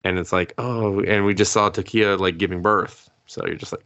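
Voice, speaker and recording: A podcast co-host with a deep, gravelly voice recaps an anime episode at a moderate pace, barely pausing, on a dry, muffled recording. He's casual and foul-mouthed, telling the story animatedly and acting out what the characters say.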